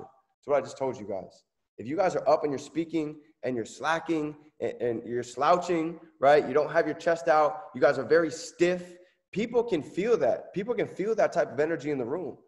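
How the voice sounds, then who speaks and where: A man's voice: on the high side, a little mellow. Guy giving a hype business training talk, keeps asking okay?, lots of room reverb. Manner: emphatic, asks "okay?" often, surges of energy. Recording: long reverb, echoey room.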